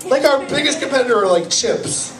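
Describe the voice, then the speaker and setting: At a small cafe comedy night, a man with a cold runs through a rambling, self-deprecating stand-up set, swearing and fretting. His very high voice is brisk with lively intonation, captured from the audience area by a distant camera in an echoey room with audible noise and crowd sounds.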